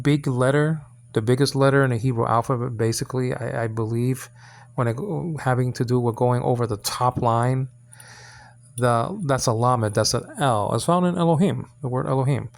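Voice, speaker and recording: A man leads an informal Hebrew lesson on his own channel, his voice gravelly with fry. He talks haltingly, repeats himself, and keeps checking in with his listeners. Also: medium pitch. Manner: halting, repeats words, many fillers; coaxing checks like "okay?" and "you understand?". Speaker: channel host teaching Hebrew.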